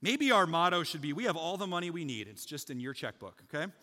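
Bright-voiced male pastor preaching in a church. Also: a little high, very animated, fast talker, in a large hall, a little hiss or hum. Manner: conversational, jokes with the congregation, builds to loud emphatic peaks. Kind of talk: sermon. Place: church sanctuary.

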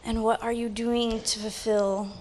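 Slow, searching woman in echoing hall. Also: on the high side, little pitch movement. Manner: questioning, slow, hushed toward the end of phrases. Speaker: reader of a devotional reflection. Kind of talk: personal devotional reflection. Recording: long echo of a large hall.

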